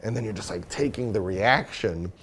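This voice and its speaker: A man's voice: on the low side, normal speed, a bit bright, a little hiss or hum. A man speaking as an interview guest, a filmmaker and comedian talking candidly and self-critically, thinking aloud.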